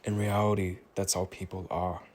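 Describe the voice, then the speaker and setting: Slow, rambling man with a low voice. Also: little pitch movement, a little mellow. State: tired. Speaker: vlogger. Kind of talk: reflective solo monologue.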